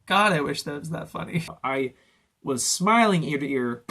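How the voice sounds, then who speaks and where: A man giving a comedic reaction rant about anime videos, gushing and excitable, swearing often. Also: fairly high pitch, moderate pace. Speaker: anime YouTube reviewer.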